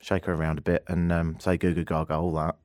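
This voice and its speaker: A man hosting a radio talk show, telling a story in a casual, animated way and acting out the people in it. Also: deep voice, fast talker, dry recording, clean studio sound. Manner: animated storyteller, acts out quoted voices. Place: radio studio.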